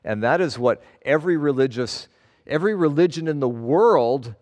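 A man's voice: fairly high pitch, animated, normal speed, darkish tone. A male pastor preaching a sermon, reading scripture aloud and explaining it in an earnest, emphatic way. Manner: earnest, emphatic preaching, stressing words one by one. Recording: long reverb of a large hall.

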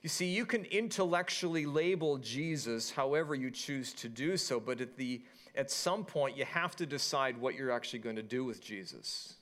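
A pastor preaching a sermon, reading scripture and retelling it in an animated, storytelling way. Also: male voice, medium pitch, moderate pace, hardly any pauses. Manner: animated storytelling, acting out quoted voices.

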